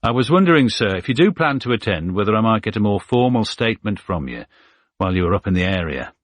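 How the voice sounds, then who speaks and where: A man's voice: fairly low pitch, very animated, fast talker, no echo, pitched above the performer's own voice. A man voicing a formal, courteous male police detective with a Birmingham accent. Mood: polite, formal. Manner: formal and courteous, says sir.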